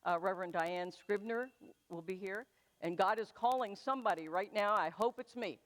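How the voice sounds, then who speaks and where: A woman minister giving chatty, self-deprecating church announcements, then leading a slow, soothing guided meditation in a church sanctuary. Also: mid-range voice.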